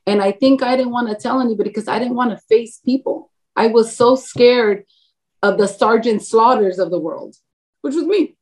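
Woman, higher voice, personal testimony, animated, acts out dialogue, laughs often. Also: moderate pace. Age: adult, married with a grown son. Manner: laughs often while talking. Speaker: interview guest.

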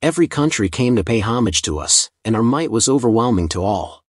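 Guy narrating grave old-world king dad, low and heavy, husky. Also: very animated, a little fast, no echo, clean studio sound. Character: remorseful middle-aged king, grave father.

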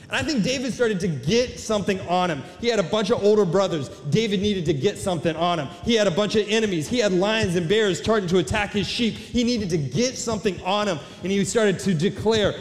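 Fiery preacher with booming hall echo. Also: male voice, expressive, brisk. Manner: rising to shouted, repetitive declarations. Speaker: pastor. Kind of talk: sermon. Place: large church hall. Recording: long hall reverb.

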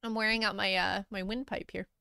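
A woman streaming as an artist, chatting casually with viewers while she draws, self-deprecating and quick to laugh, on a close mic. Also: medium pitch, fairly even intonation, gravelly, pushed and bright, clear, resonant tone, no room sound.

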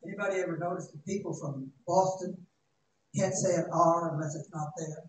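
Male pastor, high-voiced, dramatic and folksy, heard from far in a big echoing sanctuary. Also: steady tone, fairly quick. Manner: dramatic, shouting at peaks, folksy asides. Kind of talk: sermon. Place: church sanctuary. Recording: echoey church, distant mic, faint noise.

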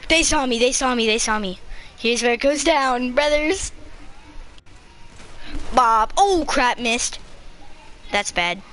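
High-voiced excitable gamer woman. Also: slow, pauses often. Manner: chaotic, yelling bursts and laughing asides. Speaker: gameplay commentator. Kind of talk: excited gameplay commentary.

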